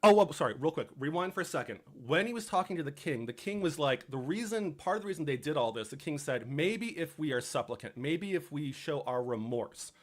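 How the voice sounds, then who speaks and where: A young man casually retelling a Bible story with jokes, dropping into quick voices for the people in it. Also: a little high. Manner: animated, jokey, acts out characters in quick asides. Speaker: podcast co-host.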